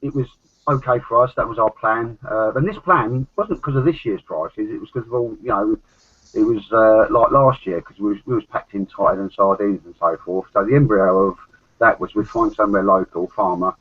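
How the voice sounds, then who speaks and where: On a podcast recorded in dull lo-fi sound, a Cockney-accented Londoner talks casually and wanders off on tangents, laughing and cursing frequently. He has a fairly low voice at a normal speed.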